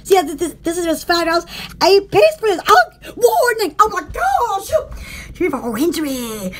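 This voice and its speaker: A woman's voice: very high-pitched, very animated, normal speed. A young woman from Alabama, rambling and giggling as she hosts a casual live stream for her online shop. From Alabama, USA.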